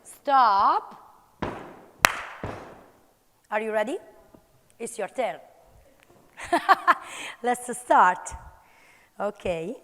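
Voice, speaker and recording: An Italian woman, a conference speaker, leads an audience through a movement exercise in a live workshop demonstration, energetically calling out commands in a large conference hall. Her fairly high, fairly bright voice is animated yet extremely slow, with frequent pauses. The recording is reverberant.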